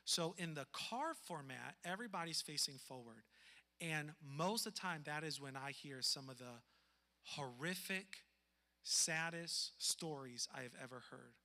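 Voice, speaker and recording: A man who is a foster parent, telling a personal story in an earnest, emphatic way that drops to a hush for sad parts. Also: a little high, animated, unhurried, long reverb tail.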